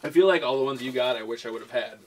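A man's voice: mid-range voice, very fast, a little hiss or hum. A man with a Canadian accent, co-hosting a casual challenge video in an easygoing, self-deprecating way. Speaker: co-host.

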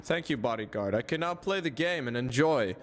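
A young man chatting loudly and excitably while gaming online, often yelling and laughing. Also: mid-range voice, brisk, a little hiss or hum. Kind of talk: casual gaming chat.

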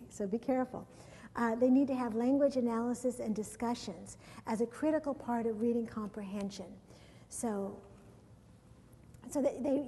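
Middle-aged woman, conference presenter, higher voice with a husky edge, lively, laughs often. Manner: lively anecdotes, laughs often, repeats words. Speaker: education conference speaker. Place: large conference hall. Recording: long hall reverb.

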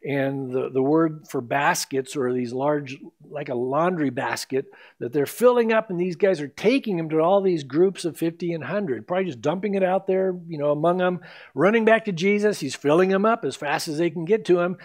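A man with a high, light voice delivers an expository sermon from the pulpit. He walks the congregation through the passage in a lively storytelling way, acting out the voices of the people in the story. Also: moderate pace. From United States. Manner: animated storytelling, acts out quoted lines. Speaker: pastor.

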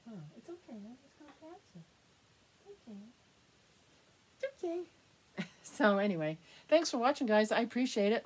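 A middle-aged woman vlogging candidly to the camera, rambling and laughing softly as she talks. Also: fairly low pitch. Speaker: reborn doll collector vlogger. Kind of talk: casual chat to camera.

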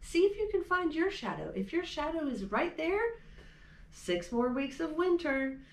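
A woman reading a storybook aloud to children, gentle and expressive as a librarian at storytime. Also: high voice, moderate pace.

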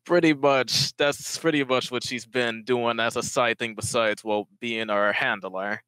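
A man's voice: mid-range voice, fairly even intonation, unhurried, bright, forceful tone, clear, resonant tone, dry recording, rough recording. A man appearing as a podcast guest, explaining in a casual, matter-of-fact, informative way. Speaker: podcast guest, lore expert.

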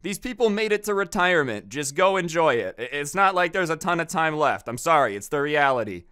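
A man's voice: fairly high pitch, very animated, a little fast, sharp tone, clear, resonant tone, dry recording, clean studio sound. A young man telling storytime tales in a casual, sarcastic, exasperated ranting way. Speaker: storytime YouTuber.

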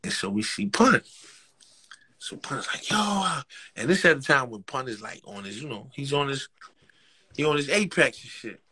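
A man's voice: mid-range voice, normal speed, slightly rough. A man with a New York accent, a rapper telling street stories in a casual interview, full of slang and acted-out quotes. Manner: animated street slang, acts out quotes, frequent laughs.

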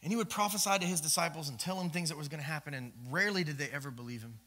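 Bright, high-voiced preaching man. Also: racing. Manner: dynamic preaching, swings from loud to hushed, acts out quoted voices. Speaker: pastor. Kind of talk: sermon.

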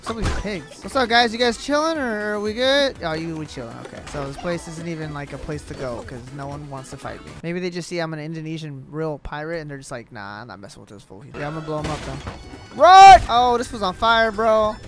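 A young man giving slangy, excitable, trash-talking commentary while playing a video game. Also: fairly high pitch, brisk. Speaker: gaming YouTuber. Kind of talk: gameplay commentary. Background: game music.

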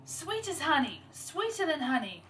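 A woman voicing a lonely, homesick young girl in a told story, speaking softly and sometimes mumbling, recorded from a distance with noise behind. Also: high voice, very animated, moderate pace, voice pushed up. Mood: sweet. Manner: soft, sometimes mumbled under the breath. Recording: distant mic with clear background noise.

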